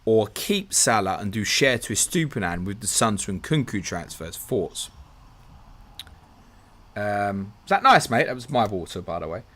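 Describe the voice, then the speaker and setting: A man's voice: on the low side, very animated, unhurried, fairly bright tone. A man hosting a live stream, chatting casually as he reads out viewer questions and answers them. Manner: chatty, reads viewer messages aloud, calls people "mate".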